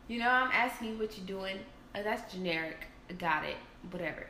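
A woman's voice: mid-range voice, steady tone, fairly quick, hardly any pauses, bright, forceful tone. An opinionated woman chatting casually, making her points emphatically. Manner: opinionated, emphatic, mimics others in quotes. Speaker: co-host. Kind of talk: casual chat. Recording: echoey room with faint noise.

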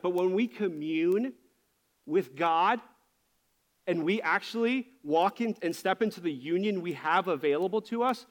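Male pastor, high voice, candid and passionate sermon delivery.

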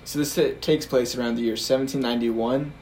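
A man's voice: medium pitch, steady tone, a little fast, darkish tone, slight background noise. A young man co-hosting a casual history podcast, telling the story with fillers and frequent laughter.

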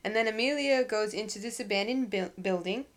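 A woman's voice: mid-range voice, fairly quick. Chatty woman podcast co-host. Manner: reads quotes aloud from a book, chatty and casual. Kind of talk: casual book-club chat.

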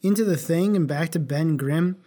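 A man's voice: fairly high pitch, normal speed, dark tone, slight background noise. A man co-hosting a podcast in casual chat, blunt, laughing along and summing up the story. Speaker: podcast co-host.

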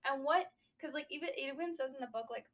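A young woman co-hosting a casual book podcast, recapping a chapter and riffing with quick asides. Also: sits high, recorded from a distance, crowd noise, poor audio. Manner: chatty, recaps then riffs with quick asides. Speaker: book discussion podcast host.

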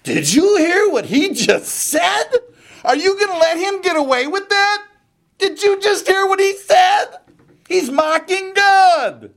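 A man preacher voicing young David, an indignant eager boy who talks in a high, incredulous, urgent rush. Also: wildly swooping pitch, normal speed, heavily acted.

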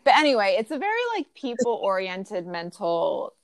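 A woman's voice: medium pitch, very animated, moderate pace, no room sound. A woman chatting casually about astrology, rambling with lots of fillers. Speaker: podcast co-host explaining astrology. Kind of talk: casual chat.

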